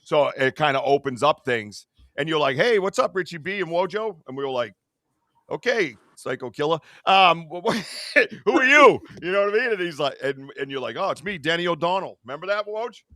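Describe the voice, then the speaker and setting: A man hosting a casual podcast, loud and energetic, laughing often. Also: on the high side, fast, hardly any pauses, dry recording, studio quality. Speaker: podcast host. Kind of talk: casual chat.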